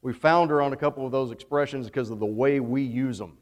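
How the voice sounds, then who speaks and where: A man's voice: medium pitch, fast talker. A man with a Southern US accent teaching a Bible study class, talking casually and putting questions to the class. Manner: conversational, asks the class questions. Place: church classroom, also streamed online. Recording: long hall reverb.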